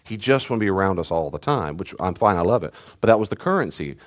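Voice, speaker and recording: A male pastor teaches in a relaxed, conversational way and keeps slipping into animated stories. His voice sits fairly low but moves over a wide range, rising sharply when he acts out what others said. He laughs easily as he talks. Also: fast talker. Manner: animated storytelling, acting out quotes, laughing often.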